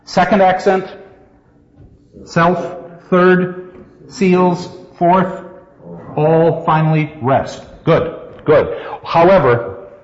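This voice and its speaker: A male literature teacher lecturing a class on poetry, putting questions to the students and reading verse lines slowly. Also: mid-range voice, darkish tone. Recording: echoey hall, dull lo-fi sound.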